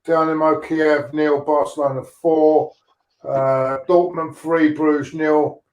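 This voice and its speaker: A man hosts a casual fan livestream and reads out scores plainly and matter-of-factly. His voice sits a touch high for a man, and the room around him rings with echo. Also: level tone, takes it slowly, darkish tone. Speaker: fan show host.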